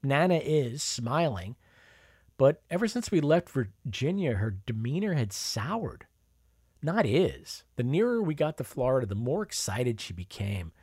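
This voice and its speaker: A man's voice: mid-range voice, sing-song, a little slow, darkish tone, husky, no echo, studio quality. A man narrating a memoir in a wry, conversational storytelling manner. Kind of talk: memoir reading.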